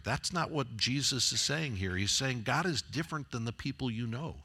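A man's voice: medium pitch, lively intonation, moderate pace, few pauses, bright, forceful tone, husky. A man preaching a sermon in a conversational way, rising into emphatic repeated phrases. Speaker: pastor.

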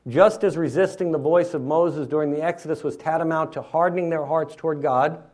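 A man's voice: fairly high pitch, fairly even intonation, a little fast, a little mellow. A man preaching an expository sermon in a teacherly way, often checking in with his listeners.

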